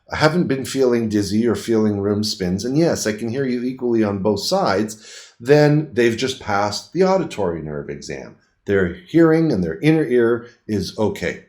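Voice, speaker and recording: A middle-aged man teaching a paramedic exam, his pitch rising and falling a lot as he explains each step. He speaks in plain, everyday words. He stops now and then to show the moves himself. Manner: lively, plain-spoken teaching with quick demonstrations. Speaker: paramedic instructor. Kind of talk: demonstrating a clinical exam on camera.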